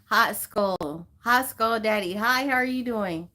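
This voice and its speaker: A woman's voice: mid-range voice, slow, sharp tone. A woman from Southern California hosting a casual livestream, chatting and greeting viewers by name with frequent laughs. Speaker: livestream host.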